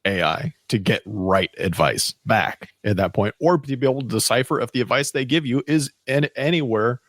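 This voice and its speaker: A man co-hosting a podcast in casual chat, explaining in a measured way. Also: medium pitch, animated, no room sound. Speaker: podcast co-host.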